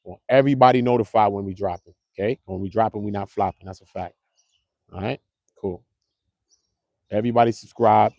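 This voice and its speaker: Casting: male commentary host, quick slangy delivery, dry close-mic sound, mid pitch. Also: dry recording. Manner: animated, slangy, keeps calling viewers bro. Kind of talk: casual online commentary.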